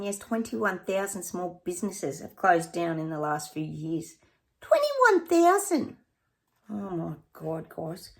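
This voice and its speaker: Middle-aged Australian woman vlogger, lowish voice, rambling casual chat. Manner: chatty, rambling, addresses viewers as guys. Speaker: psychic vlogger.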